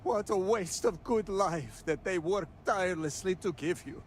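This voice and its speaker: A man's voice: sits high, a little slow, slight background noise. An actor playing a proud, furious man who shames his brother in stern, formal speech. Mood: disgusted.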